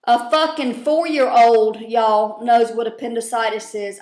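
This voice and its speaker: A woman's voice: on the high side, steady tone, measured pace, darkish tone. A woman, recapping a TV show in a casual vlog, blunt and profane with lots of rambling fillers. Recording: roomy echo.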